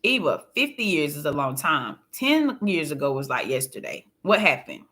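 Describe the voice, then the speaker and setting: A calm, probing woman counselor, gently coaxing with question after question, as a woman reads her in an audiobook. The tone stays bright and clear. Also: low-pitched, normal speed, heavily acted. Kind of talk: audiobook narration.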